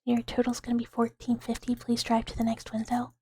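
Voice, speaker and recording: A woman in whispered role-play as a patient fast-food drive-thru worker, flatly repeating directions. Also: a little high, husky, no echo. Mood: patient, firm.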